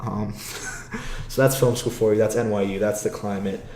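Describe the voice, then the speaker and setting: A man's voice: fairly low pitch, fairly even intonation, moderate pace, a little mellow, echoey room, slight background noise. Rambling, profane young man podcasting. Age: young adult. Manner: rambling, profane, laughs often. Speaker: podcast host. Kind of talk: casual solo podcast monologue. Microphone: own podcast mic.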